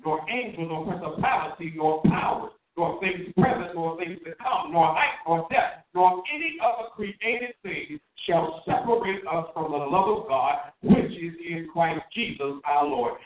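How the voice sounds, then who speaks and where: A man's voice: on the high side, animated, recorded from a distance. Man preaching over a tinny echoey line. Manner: emphatic, drawn-out stresses on key words; asks the listeners questions. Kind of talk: sermon.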